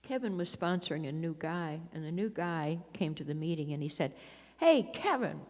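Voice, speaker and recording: An older woman speaks at a recovery meeting in a chatty, self-mocking way, breaking off and restarting her sentences. Her voice sits on the low side for a woman. Long reverb from the meeting hall trails behind her words. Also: brisk, darkish tone. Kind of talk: personal recovery talk.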